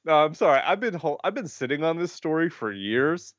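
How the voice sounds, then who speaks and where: A man co-hosting a podcast in casual chat, animated and quick to laugh, often restarting his sentences. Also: fairly high pitch, no echo, muffled recording. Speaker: podcast co-host.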